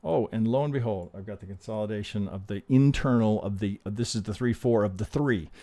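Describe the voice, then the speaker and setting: A man's voice: on the low side, brisk, mellow. Profane, chatty male trading teacher. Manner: casual, profane, keeps asking "right?"; talks himself through charts with rhetorical questions. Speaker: trading educator. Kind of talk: live-stream chart review.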